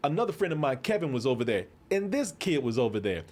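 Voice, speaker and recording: A middle-aged host from Waco, Texas talks fast at a medium pitch. In casual chat he tells animated stories, acting out the voices of the people in them and laughing often.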